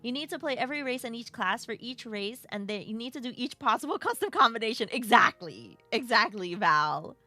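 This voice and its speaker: A woman with a New York accent streams a game and chats with her viewers, her voice bright and sharp, swooping high and low in a playful, bouncy way. Soft game music plays faintly underneath. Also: sing-song, a little fast, hardly any pauses, no echo. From Brooklyn. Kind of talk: casual live-stream chat, reading chat aloud.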